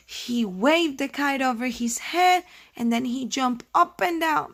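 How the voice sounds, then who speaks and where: A first grade teacher reading a story aloud to her class. She reads slowly and pauses to explain and ask the children questions. Her voice sits fairly high. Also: fairly bright tone.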